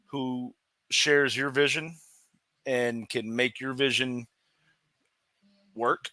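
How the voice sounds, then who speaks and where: A man, a professional wrestler guest on a podcast, telling a story in an animated way, laughing often and restarting his sentences. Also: mid-range voice, extremely slow, no echo. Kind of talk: casual storytelling interview.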